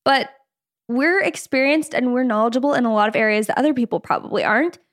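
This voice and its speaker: A young woman with a high voice co-hosts a laid-back podcast. She talks with emphatic, ranting energy and keeps breaking into laughter. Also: lively intonation, quick pace. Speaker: podcast co-host. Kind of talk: casual chat.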